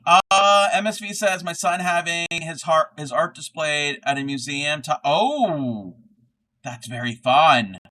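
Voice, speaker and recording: A man's voice: a little high, slow, bright, forceful tone, rough recording. A man chatting casually on a livestream while crocheting, reading chat aloud and laughing often. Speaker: streamer crocheting live.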